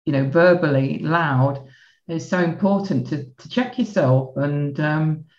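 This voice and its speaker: A woman's voice: sits low, a little slow, a little mellow. A woman hosting an interview, reacting and thinking aloud with fillers. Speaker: interview host. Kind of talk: casual conversation. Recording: roomy, dull lo-fi audio.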